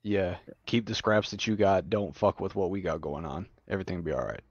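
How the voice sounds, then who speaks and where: A man's voice: deep voice, fairly quick, dry recording, dull audio. A laid-back man co-hosting a podcast, swearing freely and calling his friend bro and dude. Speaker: podcast co-host. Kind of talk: casual political chat.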